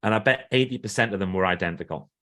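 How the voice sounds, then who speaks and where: A lowish-voiced fast talker, this middle-aged man is a guest author and trainer being interviewed on a podcast. He tells stories with energy, voicing what others said.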